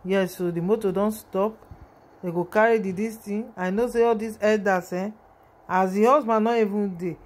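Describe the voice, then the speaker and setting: A woman with a Nigerian accent talks her viewers through a video in loose, rambling commentary. Her voice sits at a middle pitch, and she sounds heavy with emotion as she keeps turning back to her audience. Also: fairly even intonation, moderate pace, a little mellow. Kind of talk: casual commentary vlog.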